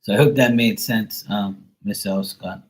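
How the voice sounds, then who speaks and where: A man hosting a live tarot stream, chatting casually and telling a rambling, animated story, full of "you know" and "like". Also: lowish voice, measured pace, low-quality recording.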